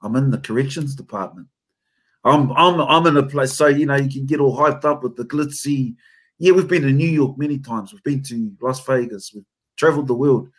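A man with a New Zealand accent talks in a casual interview. He tells stories with animated emphasis, and his voice sits in the middle pitch range. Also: moderate pace. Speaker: haka teacher and company founder.

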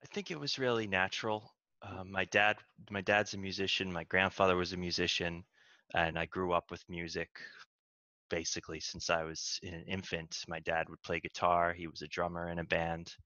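A male musician interviewed over a video call, his voice very low yet bright in tone. The audio is dull and lo-fi, and the sound is dry, with no room around it. He answers in a soft-spoken, measured way. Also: level tone, no room sound. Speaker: musician guest. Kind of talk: casual interview.

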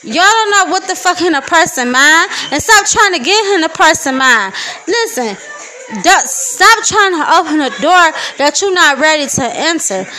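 A woman's voice: extremely high pitch, expressive, normal speed, bright, forceful tone. A young woman with a Detroit accent, venting profanely and heatedly in a casual podcast monologue. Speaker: podcast host.

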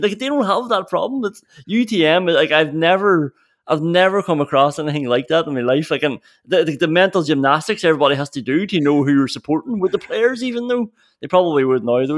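An Irish man co-hosts a sports podcast, rattling along at a brisk clip. His voice sits a touch high, and his remarks come out wry and self-deprecating. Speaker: podcast co-host. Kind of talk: casual sports podcast banter.

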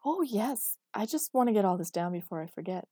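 A woman's voice: medium pitch, lively intonation, brisk, mellow, no room sound, studio quality, natural voice. A woman doing a literal-minded young woman. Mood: puzzled.

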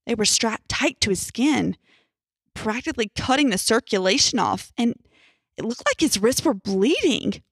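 Young woman, horror story narration, tense, measured, dry close mic. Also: a little high, sing-song, slightly rough, no room sound.

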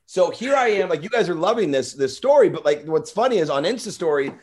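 A man hosting a podcast, telling a story in an animated, rambling way and swearing freely. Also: sits high, quick pace. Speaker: podcast host. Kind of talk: casual storytelling.

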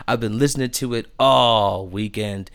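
Gushing, excitable male podcast host. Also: fairly low pitch, moderate pace, creaky, smooth. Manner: excitable, gushing, many restarts. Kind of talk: casual music review chat.

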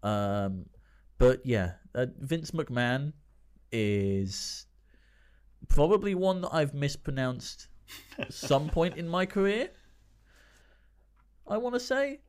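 A man's voice: on the high side, lively intonation, a little mellow, smooth. Laughing, chatty trivia host man. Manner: chatty, laughs between phrases; newsreader background, measured delivery. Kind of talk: casual podcast chat.

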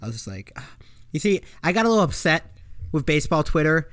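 A man's voice: on the high side, fast talker, no room sound, clean studio sound. Jokey young man co-hosting a podcast. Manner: jokey, animated, slangy banter. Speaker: podcast co-host. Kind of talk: casual chat.

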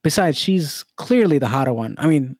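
Laid-back man, slightly higher voice. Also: normal speed, dry recording. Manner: relaxed, hedging, laid-back. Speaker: podcast co-host. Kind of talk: casual banter about football bets.

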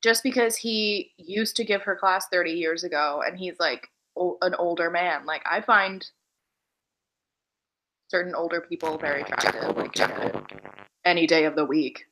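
A woman in casual chat on a remote call, talking animatedly and acting out characters' lines in quick bursts. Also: low-quality recording. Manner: animated, acts out characters' lines with big pitch jumps. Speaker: podcast co-host discussing a book.

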